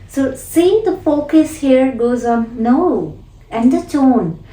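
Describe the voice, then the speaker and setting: Slow, deliberate woman English teacher. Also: sits high, lively intonation, dark tone, roomy sound, distant mic, rough recording. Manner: deliberate, explains then repeats phrases. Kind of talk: spoken lesson with demonstration.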